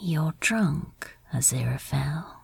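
Crowley, a woman voicing a gravelly teasing man. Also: lowish voice, sing-song, takes it slowly, a bit bright, no room sound, full character voice. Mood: tender teasing. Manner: dry teasing, tender underneath. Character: gruff teasing male friend, young adult. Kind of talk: podfic character voice.

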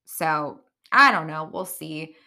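A woman with a low voice that has a gravelly vocal-fry edge and a bright, forceful tone. She talks through her podcast in a casual, opinionated way, chatty and candid, and drops in plenty of fillers. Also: expressive, slow. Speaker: podcast host recapping reality TV.

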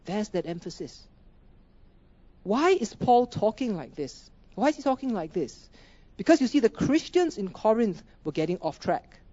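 A woman's voice: medium pitch, sing-song, moderate pace, dark tone, no room sound, dull audio. A woman preaching a sermon, emphatic, asking rhetorical questions and repeating key phrases.

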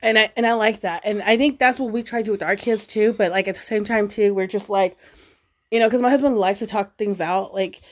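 A woman's voice: medium pitch, brisk. A woman in her forties, a mother hosting a casual family chat, who talks bluntly, swears freely and fills her speech with "like" and "you know". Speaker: podcast host, mother.

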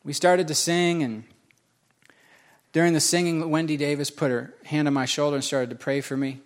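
A male pastor delivers a sermon in a storytelling way, poking fun at himself and hammering home key words through repetition. His voice sits a little on the higher side for a man. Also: fairly even intonation, normal speed. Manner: storytelling, self-mocking humor, emphatic repetition.

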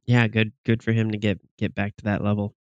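Low, flat-voiced man discussing football. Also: no room sound, lo-fi sound. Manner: halting, restarts often, flat delivery. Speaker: podcast co-host. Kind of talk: casual sports chat.

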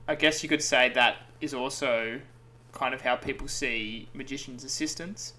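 A man's voice: mid-range voice, moderate pace, pushed and bright, slight background noise. A young Australian man on a film-review podcast, hesitant and hedging his opinions with fillers. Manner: hesitant, hedging, lots of "kind of". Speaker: podcast co-host. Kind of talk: casual film-review chat.

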